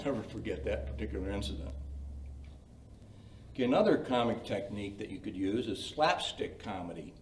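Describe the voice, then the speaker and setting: In a library meeting room, an older man runs a creative writing workshop, giving an informal lecture full of anecdotes. His medium-pitched voice is folksy and chatty, sprinkled with plenty of "you know" fillers. A distant mic gives the recording a roomy sound, with slight background noise.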